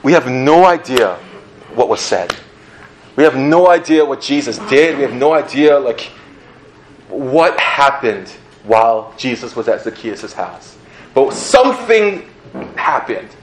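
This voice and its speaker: A man preaching a sermon in a casual, animated storytelling manner, often laughing as he talks. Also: mid-range voice, a little slow, a little hiss or hum. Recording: roomy echo, faint ambience.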